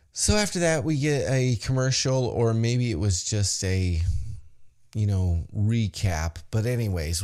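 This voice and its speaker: A man's voice: on the low side, darkish tone. A man hosting a podcast, giving a casual, rambling and enthusiastic recap of a show. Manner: rambling, enthusiastic, loose with fillers. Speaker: podcast host.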